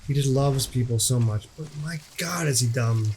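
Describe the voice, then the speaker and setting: A man's voice: mid-range voice, normal speed, noisy background. A young man co-hosting a game let's play, joking, swearing and talking back to the game from home. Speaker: let's play co-host and player. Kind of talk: casual gameplay commentary.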